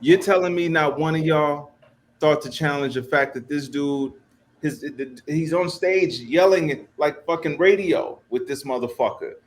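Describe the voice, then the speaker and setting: Exasperated ranting man, slightly high voice. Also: a little slow. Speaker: podcast co-host. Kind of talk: comedic political banter.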